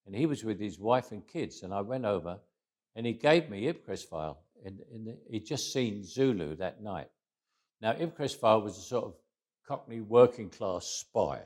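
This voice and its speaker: Deep-voiced man in his eighties, anecdotal interview storytelling, stumbling restarts, endings that drop away softly. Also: lively intonation, normal speed. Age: 80s. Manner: repeats words at restarts, trails off quietly at phrase ends.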